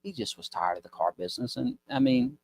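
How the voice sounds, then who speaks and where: A man's voice: lowish voice, expressive, a little fast, darkish tone, no room sound. A man, a business owner telling a rambling, folksy story as a podcast guest. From Mississippi. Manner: rambling, folksy, mimics voices in stories. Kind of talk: casual storytelling chat.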